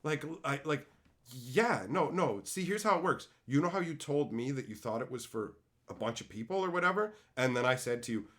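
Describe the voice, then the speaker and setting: A man hosting a live stream, telling a story to his chat in a profane, exasperated, animated way and reading out viewer comments. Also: mid-range voice, normal speed. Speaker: livestream host.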